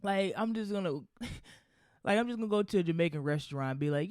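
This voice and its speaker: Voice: medium pitch, expressive, brisk, a little mellow, dry recording. Angry sweary podcast rant, rambly, dry close sound. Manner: heated, profane ranting; loose, rambling with restarts. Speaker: podcast host. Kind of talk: solo podcast commentary.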